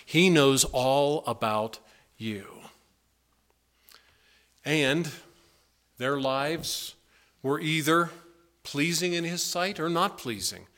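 Bright-voiced man preaching a sermon. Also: on the high side, very slow, pauses often. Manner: earnest, pleading questions with emphatic swings. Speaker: pastor. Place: church sanctuary.

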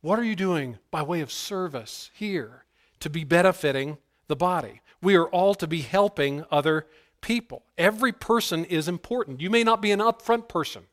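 Male pastor, sermon delivery, slightly high voice, emphatic build-ups. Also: lively intonation, moderate pace. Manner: emphatic preaching, swings between hushed asides and raised, higher-pitched declarations.

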